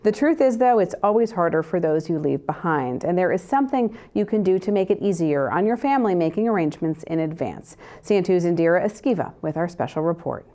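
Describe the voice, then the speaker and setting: A woman news anchor introducing a report in a measured, scripted read. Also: lowish voice, lively intonation, dark tone.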